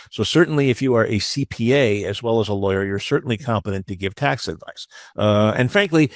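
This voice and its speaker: A business lawyer teaches a webinar, speaking frankly and conversationally as he blends advice with anecdotes. His voice is medium-pitched, and the studio-quality recording has no room sound.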